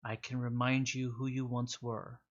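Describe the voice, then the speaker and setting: A man voicing a disembodied presence that coaxes a listener with offers of power, speaking softly and slowly. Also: medium pitch, little pitch movement, highs cut off, lightly acted. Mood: coaxing. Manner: soft, coaxing, slow.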